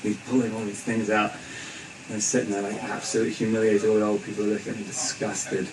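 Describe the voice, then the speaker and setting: A young man from England chats casually and tells a story in a halting way, with plenty of fillers and laughter. His voice sits fairly low. He sounds distant from the mic, with clear background noise. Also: level tone. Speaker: guest. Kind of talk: casual chat.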